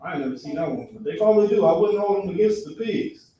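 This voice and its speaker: A man teaching a religious class in a classroom, animated and acting out people's reactions with mock voices. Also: high-pitched, fast talker, highs cut off. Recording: echoey room, far from the mic.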